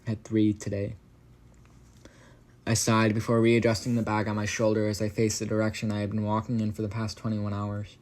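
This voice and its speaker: A man's voice: on the low side, monotone, a little fast, darkish tone. A man reading a first-person horror story aloud, stumbling over words, correcting himself, and breaking off for casual profane asides to the listener.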